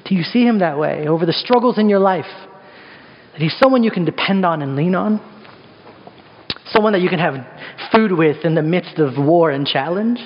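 A man's voice: high-pitched, expressive, normal speed. A man preaching a sermon in a casual, conversational way, full of rhetorical questions. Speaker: pastor. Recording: echoey hall, dull sound.

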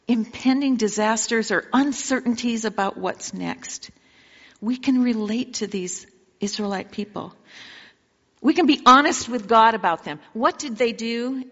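A woman's voice: medium pitch, a little slow, a bit bright, in a large hall, highs cut off. A woman preaching a sermon, retelling the story dramatically and asking her listeners direct questions.

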